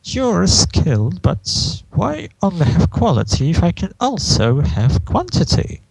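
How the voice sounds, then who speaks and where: A man putting on a flamboyant male chaos spirit who preens and teases, lifting his voice high and swinging it through wide, sing-song turns. The words stretch out theatrically with a gravelly edge, dry and close to the mic. It is a playful podcast comic reading. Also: huge pitch swings, a little slow, darkish tone, dry recording, full character voice, poor audio. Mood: smug.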